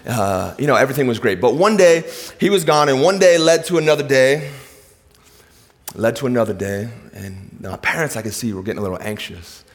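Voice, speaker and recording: A man preaching a sermon, telling stories that sink to a hushed low voice and then rise into emphatic, raised delivery. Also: brisk. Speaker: pastor. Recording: hall reverb.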